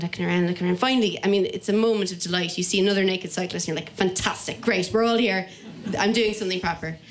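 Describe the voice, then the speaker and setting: Woman, Irish accent, personal storytelling, animated quoting, slight background ambience. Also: fairly high pitch, slight background noise. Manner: lively, acts out other voices in quotes. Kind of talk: personal story told to an audience.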